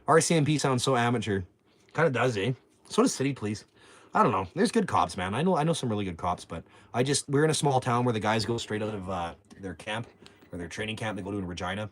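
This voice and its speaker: A man's voice: lowish voice, lively intonation, quick pace, a little hiss or hum. A man, telling stories in a brash, profane, rambling way on his livestream. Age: 40s. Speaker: livestream host. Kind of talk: casual storytelling chat.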